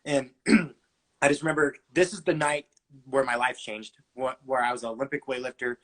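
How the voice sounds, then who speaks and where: A man's voice: medium pitch, steady tone, moderate pace, fairly bright tone. A man in his twenties, a podcast guest, telling his story casually with lots of fillers and acted-out dialogue. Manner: chatty, many fillers, acts out dialogue.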